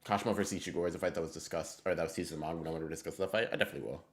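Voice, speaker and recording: A man streaming live, chatting casually and answering viewer messages in excitable, rambling bursts with a lot of swearing. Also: low-pitched, racing. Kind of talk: casual livestream chat reading viewer messages.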